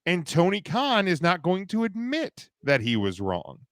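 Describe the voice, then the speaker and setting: A man's voice: high voice, huge pitch swings, a little slow, no echo. A man co-hosting a casual podcast, talking in rambling, opinionated runs full of restarts. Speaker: podcast co-host. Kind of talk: casual wrestling podcast chat.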